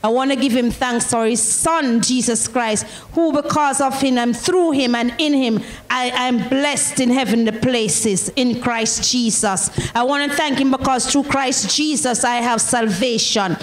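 A woman's voice: on the high side, a little slow, hardly any pauses. A woman giving an earnest, thankful testimony before a church congregation. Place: church service. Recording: echoey church room.

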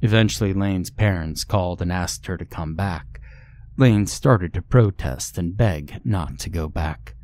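A man narrating a first-person horror story in a steady, measured way. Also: low-pitched.

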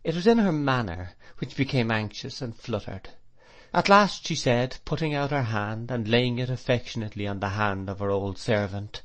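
A man's voice: mid-range voice, animated, moderate pace. Man narrating a classic novel. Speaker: audiobook narrator. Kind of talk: scripted narration.

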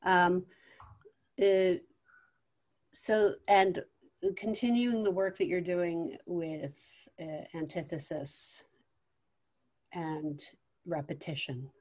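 A woman with a somewhat low voice coaching a speaker on his delivery. She gives articulate notes and praises him in an encouraging way. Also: steady tone, extremely slow, pauses often, a little mellow. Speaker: voice and acting coach. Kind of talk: giving vocal coaching.

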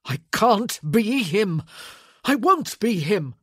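A woman voicing an anguished, intense young man who speaks in a flat, low voice. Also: slow, no echo, studio quality, heavily acted.

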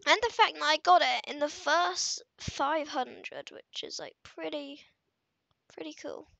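A woman talks through her gameplay in loose, filler-heavy commentary, often trailing off self-consciously. Her voice sits a little high and comes across sharp and bright, with a gravelly fry running through it. The sound is dry and close. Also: unhurried, no room sound, muffled recording. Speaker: gaming video creator.

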